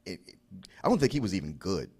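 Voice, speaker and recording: A man co-hosts a casual film review. His pitch moves around a lot as he talks. He builds his argument in a measured way and stops now and then to find his words. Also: very animated, a little mellow, breathy edge. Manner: reasoned, measured critique with some hesitations. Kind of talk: casual movie review banter.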